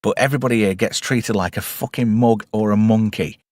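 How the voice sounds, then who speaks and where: A man's voice: on the low side, brisk, no room sound. A man giving a rambling, irreverent movie commentary and swearing freely. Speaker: movie reviewer. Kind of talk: casual film commentary.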